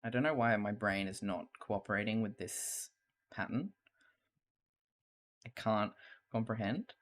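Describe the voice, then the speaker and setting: This is a live streamer chatting casually to viewers while working on a craft project. The voice moves all over its range, jumping up with excitement and then dropping low and quiet during the fiddly bits. It is full of swearing and frequent laughs.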